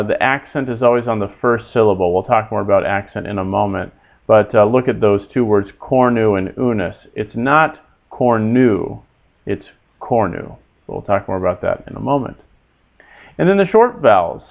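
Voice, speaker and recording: Slow, gravelly male Latin teacher. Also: lowish voice, highs cut off. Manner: slow, halting delivery with frequent "uh" fillers, repeating words for students to echo. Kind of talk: recorded Latin pronunciation lesson.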